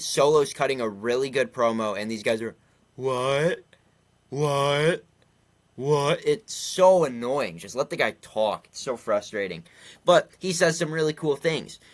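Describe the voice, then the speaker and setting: Male recap host, mid-pitched, conversational rant delivery with lots of filler. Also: fairly bright tone. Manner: chatty, ranting, frequent fillers. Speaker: wrestling commentary youtuber. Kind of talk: casual recap and opinion.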